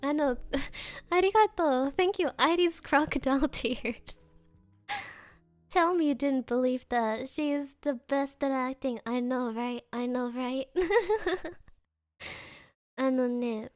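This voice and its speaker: A woman's voice: high voice, takes it slowly, long pauses, dry recording, soft background music. A woman streamer in casual chat, rambling through sarcastic rants and laughing often.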